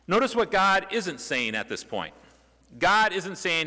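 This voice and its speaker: A young man delivers a sermon with a bright voice, pitched a little above the usual. He keeps it conversational, asking rhetorical questions and restarting his sentences. His words ring out with long reverb in the church hall. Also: animated, unhurried. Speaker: preacher. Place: church sanctuary.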